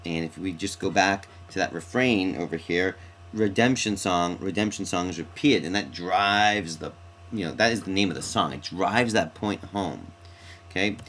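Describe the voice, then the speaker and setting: A man's voice: sits low, normal speed, fairly bright tone. A man teaching a recorded mini-lesson on poetic sounds, reading his examples with playful, theatrical flair.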